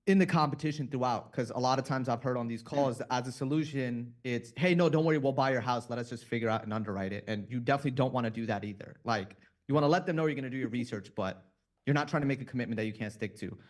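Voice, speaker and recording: A man judging a sales call, giving casual, relaxed feedback over a video call. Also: mid-range voice, quick pace. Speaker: judge in a sales competition.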